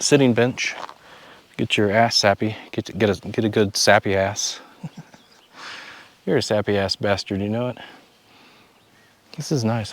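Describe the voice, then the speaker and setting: A man narrating a casual outdoor travel vlog, joking to himself while he explores a lake and drives a rough road. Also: on the low side. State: out of breath at altitude. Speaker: travel vlogger. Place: outdoors by a mountain lake and in a vehicle.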